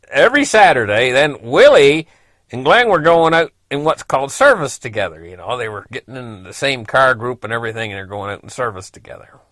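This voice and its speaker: A man's voice: mid-range voice, a bit bright, no room sound. A middle-aged man casually telling a personal story, rambling along with lots of "you know" and frequent chuckles.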